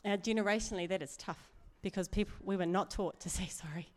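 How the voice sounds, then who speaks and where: A woman's voice: mid-range voice, fast talker, darkish tone. A middle-aged woman preaching in a chatty, earnest way, with asides and laughs. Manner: conversational, earnest, laughs often, many asides. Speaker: church speaker. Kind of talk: sermon.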